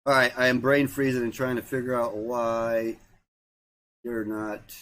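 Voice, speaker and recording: A man's voice: medium pitch, level tone, a little slow, a bit bright. Rambling man hosting a livestream. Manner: rambling, repeats himself, trails off. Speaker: livestream host. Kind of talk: casual livestream chat.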